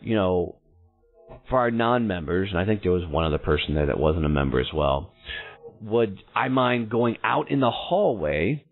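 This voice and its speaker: A man hosting a podcast, telling a personal story in a blunt, salty, self-mocking way. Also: fairly low pitch. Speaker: podcast host. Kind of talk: storytelling monologue. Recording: narrow phone-like sound.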